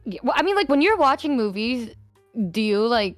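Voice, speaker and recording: A woman streamer chats casually in a fairly high voice, swearing freely and turning emotional easily. The sound is dry and close. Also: sing-song, normal speed, dry recording, faint music behind. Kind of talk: casual chat.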